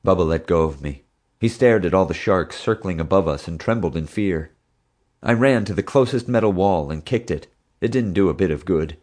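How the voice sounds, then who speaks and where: A man with a very low voice reads a story aloud as narrator. His delivery is steady and scripted, in the manner of an audiobook. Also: normal speed.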